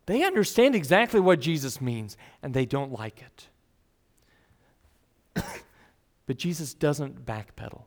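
A man's voice: on the high side, lively intonation, unhurried, long pauses. A man preaching an expository sermon, earnest and emphatic, who voices his listeners' objections as he goes.

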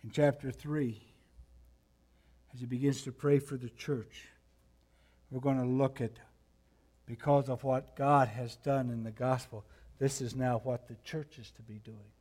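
A man preaching a sermon as pastor, swinging from hushed near-whispers to loud emphatic passages, reading scripture slowly and deliberately. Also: mid-range voice, fairly even intonation.

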